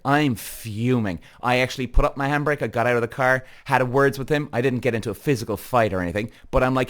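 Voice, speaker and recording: A man's voice: mid-range voice, quick pace, few pauses, a bit bright. Fired-up Irish man ranting. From Ireland. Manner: heated, swears freely, addresses viewers directly. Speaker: podcast host. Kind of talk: animated storytelling rant.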